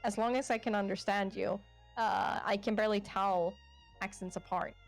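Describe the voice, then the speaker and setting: A Swedish woman with a Swedish accent appears as a guest VTuber, chatting casually and animatedly acting out quoted remarks. Her mid-range voice moves at a moderate pace over faint background music.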